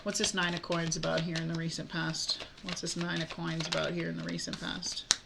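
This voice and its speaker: A woman's voice: fairly low pitch, flat delivery, brisk, vocal fry, very noisy. A woman giving a casual tarot reading, talking frankly with many fillers and restarts. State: hiccups. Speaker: tarot reader.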